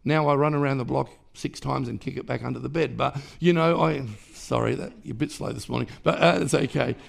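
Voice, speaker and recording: A man's voice: mid-range voice, steady tone, fairly quick, vocal fry. A man preaching a sermon as pastor, emphatic and rhythmic, with repeated phrases and sudden rises in volume. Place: church.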